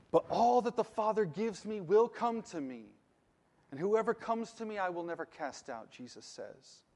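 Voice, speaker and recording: Pastor guy preaching, kinda high voice, earnest, leans on the big lines, echo from a big church room. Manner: earnest, emphatic, slows for key phrases. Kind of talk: sermon.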